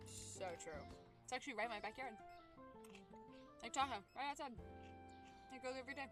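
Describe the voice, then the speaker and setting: A woman's voice: high voice, brisk, pauses often. Bubbly young woman streamer, game music behind. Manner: chatty, bubbly, talks to chat while playing. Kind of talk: casual livestream chat.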